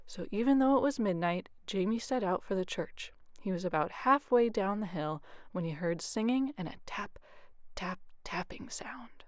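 A woman, a youth ministry coordinator, reading a bedtime story aloud with expressive, often hushed narration. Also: medium pitch, moderate pace, hardly any pauses, no room sound, clean studio sound.

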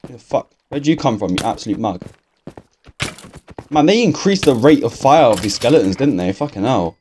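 A young English man giving casual, excitable gameplay commentary from his bedroom, swearing constantly and talking to himself. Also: medium pitch, moderate pace, slight background noise. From England. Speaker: gaming youtuber. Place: bedroom at home.

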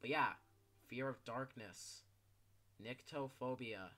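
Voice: medium pitch, slow pace, a bit bright. A fourteen-year-old gaming YouTuber giving casual gameplay commentary, rambling with lots of fillers and casual swearing.

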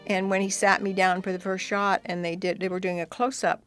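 A woman in her seventies, an actress telling stories as a guest on a radio interview in a studio, animated and self-deprecating. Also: medium pitch, brisk, faint music behind.

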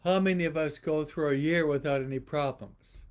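In this livestreamed homily, a male priest with a fairly high-pitched voice addresses viewers watching online. His preaching is slow and repetitive, built on rhetorical questions, with frequent pauses and mid-sentence restarts.

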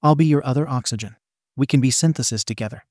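Man voicing gentle devoted teen boy, soft murmuring delivery, dry close sound. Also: mid-range voice, quick pace, no echo, natural voice. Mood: tender.

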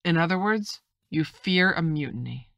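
A calm, shrewd country doctor, voiced by a woman reading aloud in a low, measured, reasonable tone. It sounds close and dry, like a storybook read straight into the mic. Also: no room sound. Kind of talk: audiobook reading.

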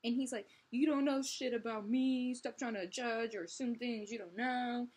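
A young woman tells a story straight to her camera, acting out both sides of an argument and laughing often. Her voice has a husky, breathy edge, and the talk runs loose and casual. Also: fairly high pitch, fairly even intonation, moderate pace, darkish tone. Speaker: vlogger.

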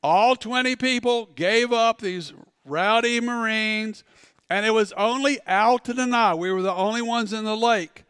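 A male pastor delivers a storytelling sermon, dropping to quiet asides and then rising to loud, dramatic peaks. His high, clear voice moves at an unhurried pace. The mic is close and dry, but a long church reverb trails after him. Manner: storytelling preacher, swings from loud shouts to hushed asides. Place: church sanctuary.

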